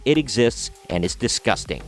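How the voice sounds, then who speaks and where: A man's voice: mid-range voice, lively intonation, normal speed, soft background music. Sarcastic male commentary host. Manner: sarcastic and blunt. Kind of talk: opinionated commentary reading news articles.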